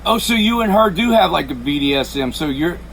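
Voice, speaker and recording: Sarcastic man, higher voice. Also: expressive, brisk, gravelly, a crowd in the background, rough recording. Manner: sarcastic, mocking, repeats his pointed questions. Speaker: channel host making a phone call. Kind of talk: confrontational phone call.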